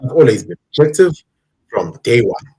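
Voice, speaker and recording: A man's voice: mid-range voice, big pitch swings, moderate pace, a little mellow, slightly rough, low-quality recording. A man from South Africa hosting his own channel, giving emphatic live-stream political commentary and talking straight to his viewers. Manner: emphatic, ranting, addresses viewers directly. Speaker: channel host.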